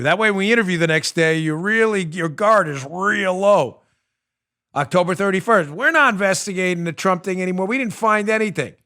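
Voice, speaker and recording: A man hosting a political podcast, giving sarcastic, rapid-fire commentary with mocking asides, swinging from loud outbursts to low mutters.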